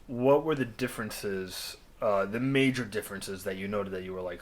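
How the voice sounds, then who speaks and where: Man, lowish voice, podcast host, relaxed storytelling, curious questions. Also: normal speed. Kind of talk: casual podcast chat.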